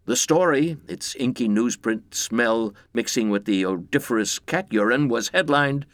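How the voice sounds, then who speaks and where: A man reading a comic story aloud in scripted narration with a deadpan, expressive delivery. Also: medium pitch, no echo.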